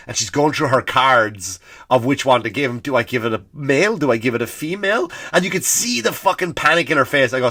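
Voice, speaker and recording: A man's voice: mid-range voice, lively intonation, fairly quick, bright, forceful tone, no room sound, studio quality. A man hosting a comedy podcast, ranting from home with blunt, profane sarcasm and lots of stammered restarts.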